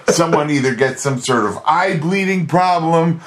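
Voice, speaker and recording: A man laughing animated podcast co-host. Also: on the high side, slow pace. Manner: laughs often, animated, quotes characters in put-on voices. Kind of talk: casual chat.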